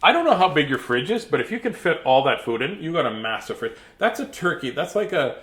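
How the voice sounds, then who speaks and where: A man's voice: on the high side, very animated, fairly quick, a bit bright. A man reading a picture book aloud, chuckling and adding chatty asides to the listeners. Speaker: storybook reader.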